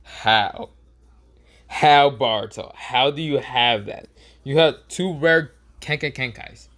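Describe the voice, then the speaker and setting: A man's voice: mid-range voice, big pitch swings, measured pace. A man doing an impatient young ninja teacher. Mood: astonished. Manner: pressing, impatient questions.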